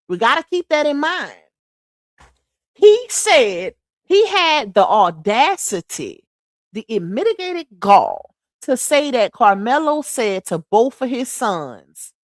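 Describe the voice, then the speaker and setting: Slow emphatic woman streamer. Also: sits high, sing-song, no echo, studio quality. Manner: emphatic, repetitive, addresses chat as y'all. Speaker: livestream commentary host. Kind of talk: casual live-stream commentary.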